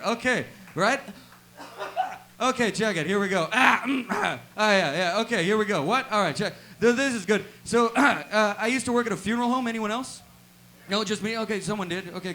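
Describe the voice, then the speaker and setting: A man performing a stand-up comedy set in a small live venue, delivering deadpan one-liners and tagging nearly every line with "right?". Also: sits high, normal speed.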